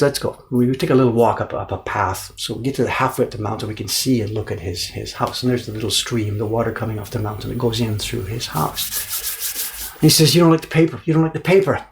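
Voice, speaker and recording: A middle-aged man casually telling an animated story on a livestream, repeating words for emphasis and acting out the people he quotes. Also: fairly low pitch, moderate pace, vocal fry, a little hiss or hum. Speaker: printmaker and livestream host. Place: indoor workshop.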